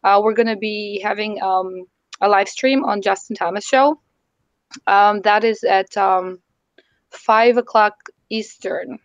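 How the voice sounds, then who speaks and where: A hoarse woman co-hosting a casual livestream chat, talking in an excitable, giggly way. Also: mid-range voice, slow pace, no room sound, highs cut off. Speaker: co-host.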